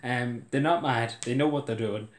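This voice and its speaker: An indignant Irish man rants about politics in a mid-pitched voice, repeating himself and laughing in disbelief. His voice carries a clear room echo. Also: normal speed, slight background noise. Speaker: video blogger. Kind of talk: political rant to camera. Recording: roomy echo.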